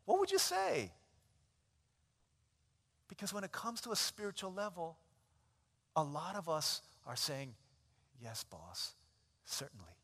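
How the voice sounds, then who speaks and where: A man's voice: high-pitched, a little slow, long pauses. Man preaching in a reverberant hall. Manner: animated storytelling, acting out voices in a parable. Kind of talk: sermon.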